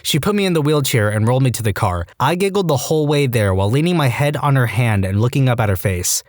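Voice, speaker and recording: A man's voice: medium pitch, quick pace, no room sound, clean studio sound. A man narrating online stories in a scripted way, acting out the quoted lines in different voices. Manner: lively, acts out quoted lines in shifting voices.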